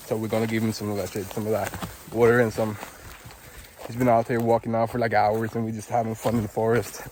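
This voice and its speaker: A man's voice: on the low side, quick pace, a little hiss or hum. Gushing Norwegian-accented man outdoors. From Norway. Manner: excitable, gushing, rambling with lots of fillers. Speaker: vlogger. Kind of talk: casual walking vlog. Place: outdoors in a forest on a hot day.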